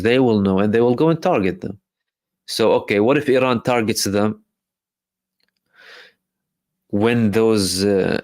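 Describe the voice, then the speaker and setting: A man with a fairly low voice hosts a live stream, reading viewer questions from chat and answering them loosely, with plenty of fillers and restarts. The recording is dry, and the talk is casual live commentary.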